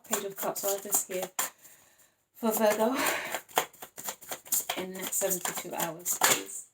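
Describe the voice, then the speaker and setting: Female tarot reader, mid pitch, chatty and animated. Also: a little slow, pauses often, background noise. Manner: chatty and animated, acts out little scenes, laughs often. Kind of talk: casual tarot reading to viewers.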